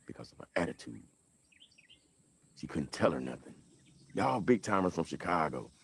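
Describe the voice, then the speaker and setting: A man with a Southern American accent telling a heated family story on a livestream, rambling and swinging between loud and quiet. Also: deep voice, very animated, normal speed, vocal fry, breathy edge, no echo. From southern United States. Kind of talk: animated livestream monologue.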